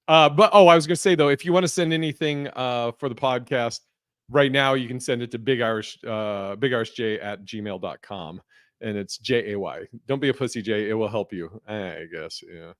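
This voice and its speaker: A man's voice: mid-range voice, normal speed, no echo, clean studio sound. A man hosting a podcast in loose, profane casual chat, laughing as he tells stories. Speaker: podcast host.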